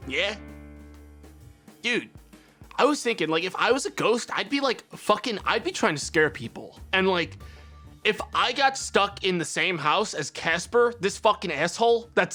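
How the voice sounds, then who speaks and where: Brief: male streamer, high and bright voice, profane, heated rants at chat. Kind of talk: casual livestream chat.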